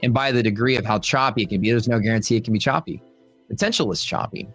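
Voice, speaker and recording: A young adult man hosts a livestream in a loose, joking chat and acts out little stories with playful voices. His voice is mid-pitched and dry, close to the mic, with faint music behind him. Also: very fast, no room sound. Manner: joking, animated storytelling with quoted voices. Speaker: livestream host. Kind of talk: casual chat with live chat.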